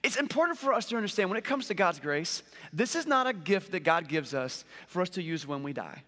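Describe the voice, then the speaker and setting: A man in his forties preaching a conversational sermon, telling stories with lively rhetorical questions. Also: high voice, a little fast. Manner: animated storytelling with rhetorical questions. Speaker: pastor. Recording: long hall reverb.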